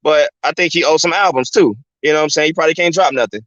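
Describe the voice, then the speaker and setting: A man's voice: a little high, quick pace, a bit bright, no echo. A man hosting his show and talking loosely and casually, often asking "you know what I'm saying?". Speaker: host. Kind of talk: casual commentary monologue. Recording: dry, dull lo-fi sound.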